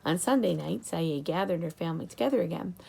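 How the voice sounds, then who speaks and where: Expressive husky-voiced woman narrating. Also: fairly low pitch, fast. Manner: expressive storytelling. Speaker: audiobook reader. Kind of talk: scripted narration of a children's book.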